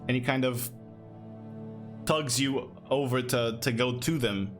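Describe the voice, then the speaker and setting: A man narrates a fantasy tabletop game as game master, telling the scene in a loose, casual way. Faint music plays beneath his mid-pitched voice. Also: steady tone, a little slow.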